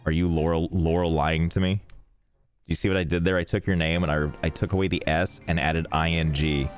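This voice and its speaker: A man's voice: low-pitched, level tone, brisk, faint music behind. A man streaming a video game live, chatting and joking with chat in a rambling, irreverent way, swearing freely. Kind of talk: casual live-stream banter while gaming.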